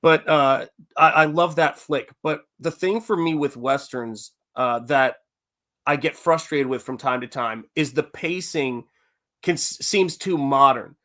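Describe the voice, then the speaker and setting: A man's voice: on the high side, measured pace, sharp tone. A man talking casually as host about Westerns, rambling and correcting himself as he goes. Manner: rambling, self-correcting, enthusiastic fan talk. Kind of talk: casual chat about movies.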